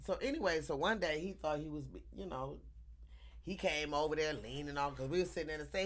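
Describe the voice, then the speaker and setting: A woman telling a story in casual chat, animated and laughing often, acting out the people in it. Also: low voice, fast talker, a little hiss or hum. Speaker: teacher.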